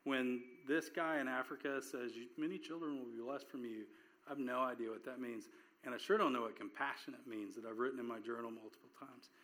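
A man's voice: mid-range voice, fairly even intonation, fairly quick, a bit bright. A man preaching in a conversational sermon, telling a personal story earnestly with frequent restarts.

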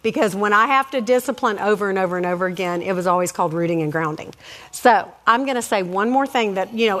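A middle-aged woman telling faith-based stories about family in a casual, animated way, acting out voices and adding many asides. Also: mid-range voice, long reverb tail. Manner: animated, acts out quoted voices, lots of asides.

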